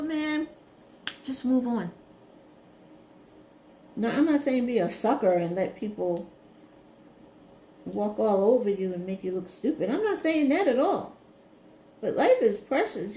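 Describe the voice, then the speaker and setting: A woman from Brooklyn, talking casually as a craft vlogger, reminiscing and then turning animated. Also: fairly high pitch, echoey room, slight background noise. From Brooklyn, New York. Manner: chatty, reminiscing, rises to animated scolding. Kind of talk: casual monologue while crafting.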